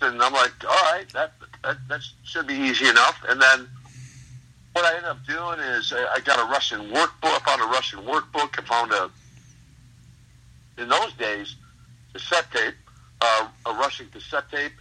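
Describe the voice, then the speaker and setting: A man's voice: fairly high pitch, sharp tone, rough recording. A man in his sixties, a former wrestler interviewed as a guest, telling stories in a rambling way with many fillers and restarts. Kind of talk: casual storytelling interview.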